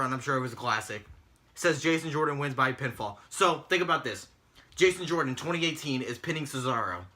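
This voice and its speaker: Bright-voiced man ranting. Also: mid-range voice. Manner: exasperated, mocking, swears often. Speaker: podcast co-host recapping wrestling. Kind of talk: casual profane rant.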